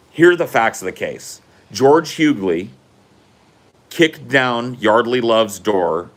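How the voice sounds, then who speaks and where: A man's voice: deep voice, a bit bright. A man hosting a casual solo podcast outdoors, talking bluntly and sardonically with plenty of swearing. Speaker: podcast host. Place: outdoors, smoking before going in.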